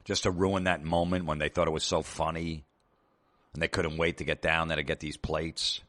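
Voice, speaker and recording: A man's voice: rumbling low, level tone, normal speed, fairly bright tone. A man hosting a comedy show, ranting in a sarcastic, profane and exasperated way. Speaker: comedian host. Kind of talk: comedic rant.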